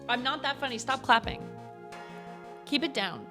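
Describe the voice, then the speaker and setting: A young woman gaming streamer doing let's-play commentary, joking, giggling and reacting loudly to the story. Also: sits high, lively intonation, normal speed, pauses often, music in the background.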